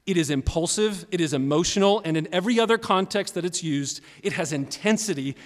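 A male pastor preaching a sermon, swinging from quiet, low remarks to loud, emphatic bursts of praise. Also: animated, brisk, big-room sound.

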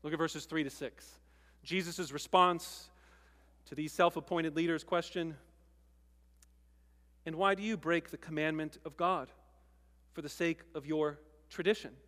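This is a man giving a sermon in a relaxed, conversational style, pressing hard on key words. His voice sits high. The sound carries a long reverb, as in a large church hall. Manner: conversational preaching, emphatic with pauses. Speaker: pastor.

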